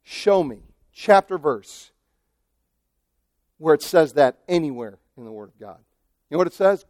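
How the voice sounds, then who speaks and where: A male pastor preaching a sermon, animated, acting out quoted voices and swinging from loud to hushed. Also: a little high, normal speed, no room sound, studio quality.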